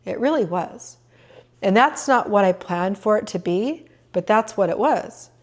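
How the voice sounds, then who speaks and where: A woman's voice: mid-range voice, expressive, a little slow. Earnest, emotional middle-aged woman. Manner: earnest, openly emotional, with many fillers. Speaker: podcast host. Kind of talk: personal reflective podcast monologue.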